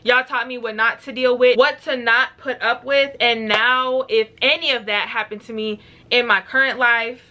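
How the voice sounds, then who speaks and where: A young woman vlogger telling a story in a blunt, profane and animated way. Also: a little high, normal speed, hardly any pauses. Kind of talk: casual storytime.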